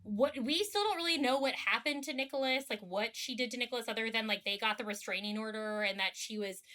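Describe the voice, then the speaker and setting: A woman's voice: fairly high pitch, quick pace, sharp tone. A woman co-hosting a casual recap podcast, chatty and full of fillers. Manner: chatty, says like a lot, agreeable. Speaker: podcast co-host.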